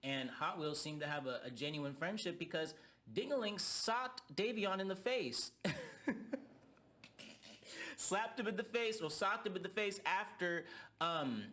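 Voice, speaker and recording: A man's voice: high-pitched, moderate pace, pushed and bright. A young man giving a heated, profane rant reviewing a reality TV reunion. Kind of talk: ranting commentary.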